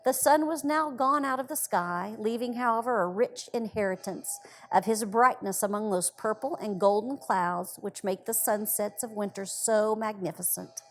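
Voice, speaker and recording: A woman's voice: medium pitch, moderate pace. Woman reading a story aloud. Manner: expressive, gentle storybook delivery. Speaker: library storyteller.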